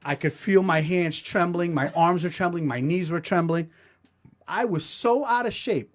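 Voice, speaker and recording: A man with a high-pitched voice hosts a podcast, speaking at normal speed. He tells a comedic story in a casual, profane, self-mocking way.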